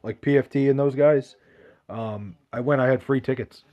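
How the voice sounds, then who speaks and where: A man's voice: mid-range voice, normal speed, dull audio. A young man, chatting casually and profanely, rambling and restarting his sentences as he reads live chat. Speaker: podcast host reading live chat.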